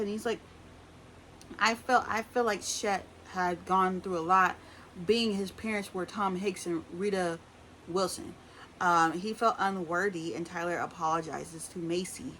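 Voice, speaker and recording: A woman giving a casual, opinionated recap of a reality show, chatty with sassy asides and quick voice impressions. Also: fairly low pitch, steady tone, a bit bright, a little hiss or hum, poor audio.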